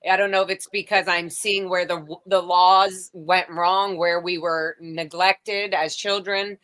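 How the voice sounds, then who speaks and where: Chatty woman host on a video call, bright tone, rambling with lots of fillers. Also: fairly low pitch, level tone, unhurried. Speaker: livestream host. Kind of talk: casual video chat.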